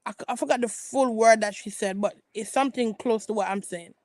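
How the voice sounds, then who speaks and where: A woman's voice: fairly high pitch, brisk, few pauses, darkish tone, no echo. A woman giving casual opinion commentary as a vlogger, talking emphatically and repeating herself with restarts. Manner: emphatic and repetitive, with frequent restarts.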